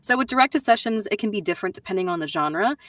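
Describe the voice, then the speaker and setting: A woman's voice: medium pitch, lively intonation, quick pace, no echo. Dry, distant woman giving emphatic advice. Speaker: voice actor panelist. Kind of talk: casual panel chat. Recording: dry sound, distant from mic.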